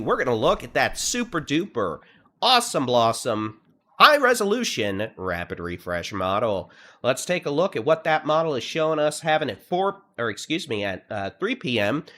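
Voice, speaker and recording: Upbeat weatherman, live coverage. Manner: upbeat, playful asides, lively pitch jumps. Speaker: weather forecaster.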